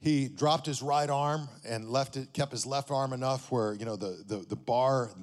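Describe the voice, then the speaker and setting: A man's voice: mid-range voice, moderate pace, big-room sound. A man, a pastor, telling a story in a sermon in a conversational way, often checking in with his listeners.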